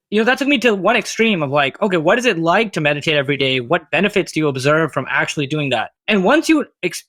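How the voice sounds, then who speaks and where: A man's voice: a little high, fairly bright tone, no room sound. A man speaking as a podcast guest, reflective and casual, full of "like" and "you know". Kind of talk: casual conversational interview.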